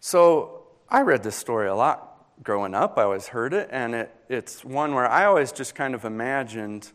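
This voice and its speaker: A man's voice: mid-range voice, animated, fairly bright tone. Earnest man preaching a personal story. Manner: personal storytelling, earnest, pausing, rising intensity. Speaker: pastor. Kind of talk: sermon.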